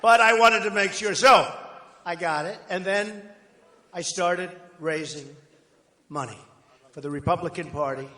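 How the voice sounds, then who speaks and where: Speaking at a measured pace with long pauses, a man with a high, bright and forceful voice addresses a campaign rally. The candidate boasts, repeats himself and drifts into tangents, while the big rally hall adds long echoing reverb.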